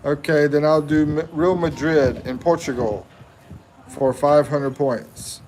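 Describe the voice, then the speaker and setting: A man in his fifties chats casually on a livestream, playful and joking as he reads out viewer comments. He talks slowly in a slightly raised voice. A faint hum of room noise sits behind him. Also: a little high, steady tone, a little mellow. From United States. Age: 50s. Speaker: livestream host.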